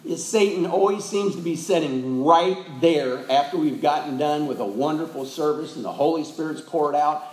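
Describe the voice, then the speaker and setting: A man's voice: fairly high pitch, normal speed, hardly any pauses, reverberant, poor audio. A man preaching a sermon to his congregation, fervent and rhythmic, calling out amen and praise the Lord. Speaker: pastor.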